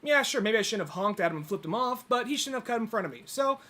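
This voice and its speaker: Male podcast co-host, casual and profane storyteller, bright, higher voice. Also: lively intonation, quick pace. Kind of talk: casual chat.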